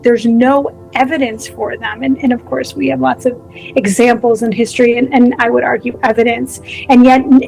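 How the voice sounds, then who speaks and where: Woman podcast co-host, high bright voice, enthusiastic and affirming, faint music under. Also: low-quality recording. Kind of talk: casual spiritual conversation.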